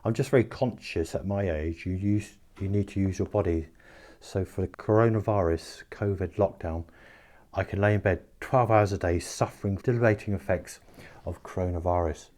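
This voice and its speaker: Older guy rambling about his workout, low mellow voice, bit self-mocking. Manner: chatty, self-mocking, describing his exercise routine. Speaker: home video diarist. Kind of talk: casual home video talk.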